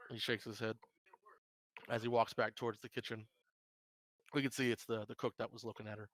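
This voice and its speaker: A man's voice: medium pitch, level tone, a little fast, no room sound, low-quality recording. A man narrating a tabletop game as game master, rambling with many fillers.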